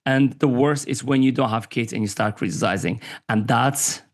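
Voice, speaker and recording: A man's voice: mid-range voice, moderate pace. A man from Armenia in his forties, a podcast guest talking candidly and acting out the voices of people he quotes. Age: 40s. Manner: animated storyteller who acts out quoted voices. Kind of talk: candid conversational interview.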